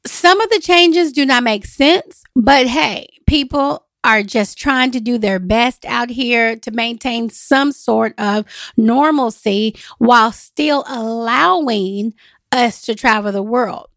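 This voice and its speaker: A woman's voice: a little high, slow pace, no room sound, clean studio sound. Emphatic chatty woman podcast host. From United States. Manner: lively, emphatic and chatty, says y'all. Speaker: podcast host and travel agent. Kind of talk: solo podcast talk.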